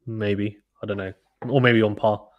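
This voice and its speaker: A man hosting a live tennis watchalong stream, calling play-by-play with animated reactions and reading chat messages. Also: fairly low pitch, muffled recording. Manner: fast, animated play-by-play, reads chat aloud. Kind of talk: excited casual live commentary.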